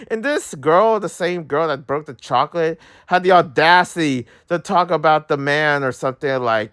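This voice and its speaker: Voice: medium pitch, lively intonation, normal speed, a bit bright. Young vlogger ranting, fired up and exasperated, accent wandering all over, stumbles and repeats a lot. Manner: heated, exasperated ranting with many repeats and restarts; accent drifts and shifts when angry. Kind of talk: ranting commentary vlog.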